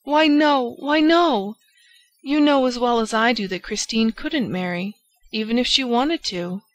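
A woman's voice: a little high, normal speed, close to an everyday voice. A woman voicing a cheerful, affectionate old lady in an audiobook, speaking gaily and fondly. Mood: confiding. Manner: gay, affectionate, chiding. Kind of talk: audiobook character voice.

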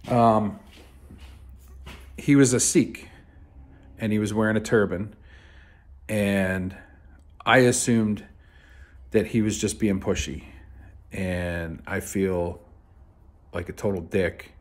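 A man with a deep, low voice tells a personal story straight to camera. He is from Canada and talks in a loose, rambling way, full of fillers like "uh" and "so," with the odd curse word thrown in. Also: steady tone, slow pace, pauses often, a little mellow. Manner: laid-back, rambling, with frequent fillers and swearing. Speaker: vlogger.

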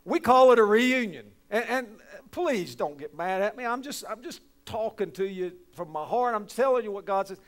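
Middle-aged male pastor, West Virginian accent, high-pitched, folksy preaching that swings between hushed and loud. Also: expressive, moderate pace, hardly any pauses. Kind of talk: sermon.

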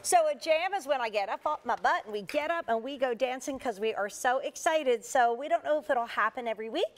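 A woman's voice: high voice, lively intonation, fairly quick. A woman hosting a live home shopping show, chatting in a bubbly sales patter about shoes. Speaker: shopping channel host.

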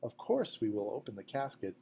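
A man voicing a calm, steady mother. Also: lowish voice, a little fast, vocal fry, slight background noise. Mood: pointed. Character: calm, quick-witted mother facing an officer.

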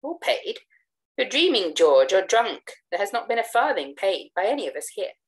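A woman voicing an indignant young gentleman who shouts his claim in loud, high bursts. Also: lively intonation, fairly quick, lightly acted. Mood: incredulous. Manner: loud, high, emphatic outbursts.

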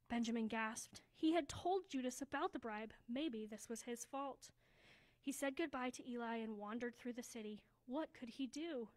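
A woman reading a children's story aloud at a church service, slowing down for emphasis and dropping to a hush. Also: a little high, low-quality recording. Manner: expressive, slows down for emphasis, drops to a hushed voice.

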